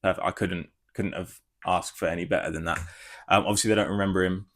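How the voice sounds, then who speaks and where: A man giving a casual spoiler review, rambling and excitable, swearing freely. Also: low-pitched, fast talker. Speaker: film reviewer.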